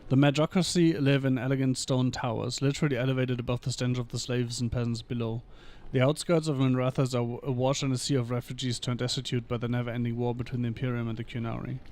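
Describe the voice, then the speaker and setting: A man's voice: mid-range voice, level tone, quick pace, hardly any pauses, darkish tone. A man reading game lore aloud. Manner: reads long passages evenly, with dry short asides. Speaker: game streamer.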